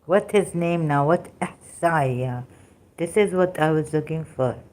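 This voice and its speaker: Slow, low-voiced woman reading aloud. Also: a little mellow. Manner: slow, halting reading with asides and fillers. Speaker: religious commentary channel host.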